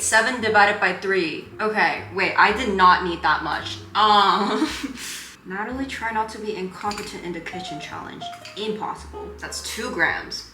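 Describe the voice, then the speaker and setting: A woman's voice: mid-range voice, pushed and bright, reverberant. A young woman from Korea chatting casually in a cooking vlog, rambling in a sarcastic, self-mocking way. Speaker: cooking vlogger. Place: home kitchen.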